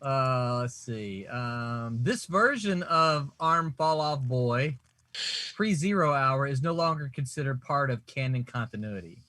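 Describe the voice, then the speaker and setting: A man's voice: mid-range voice, measured pace, no echo. A man hosting a casual group chat about comics, telling stories with lots of laughter and acted-out quotes. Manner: animated storyteller, laughs often, acts out quotes. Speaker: podcast host.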